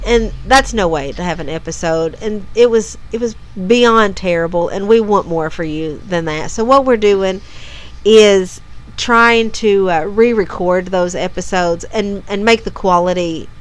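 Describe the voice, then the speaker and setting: A woman's voice: mid-range voice, unhurried. A woman co-hosting a podcast in casual chat, rambling with frequent restarts. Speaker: podcast co-host.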